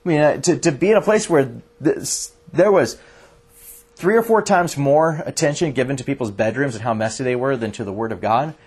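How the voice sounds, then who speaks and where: A man's voice: medium pitch, brisk, breathy edge. A man preaching a sermon as a pastor, telling stories earnestly and often restarting his sentences. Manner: earnest, animated storytelling with frequent restarts.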